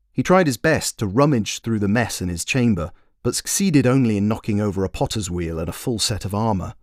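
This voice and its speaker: A man's voice: lowish voice, animated, brisk, few pauses, dry recording, clean studio sound. A man narrating a fairy tale he wrote, in a wry, playful storytelling manner. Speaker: storyteller and author.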